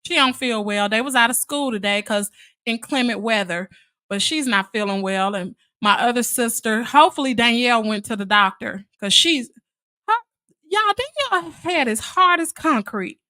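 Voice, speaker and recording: Bright, chatty woman hosting live. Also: on the high side, animated, normal speed, dry recording, clean studio sound. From Mississippi, USA. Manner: chatty and sassy, calls viewers "child" and "honey". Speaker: live stream host. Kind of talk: casual live chat with viewers.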